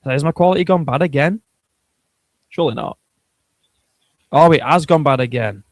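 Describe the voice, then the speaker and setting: A man hosts a casual livestream. He jokes crudely and rambles from one thought to the next. His voice sits a little high, and the recording is dry with no room echo. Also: moderate pace. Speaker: streamer host.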